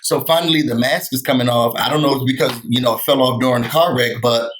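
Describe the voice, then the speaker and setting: A man giving a casual, sassy recap of a reality show, often jumping up in pitch to quote people. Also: fairly even intonation, fast, fairly bright tone, a little hiss or hum, rough recording. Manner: sassy and chatty, jumps to higher pitch when quoting people. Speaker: TV recap vlogger.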